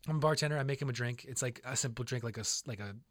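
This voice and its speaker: A man who works as a bartender, telling a story in casual chat with a quick, offhand manner. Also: mid-range voice, fairly bright tone. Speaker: podcast guest, bartender.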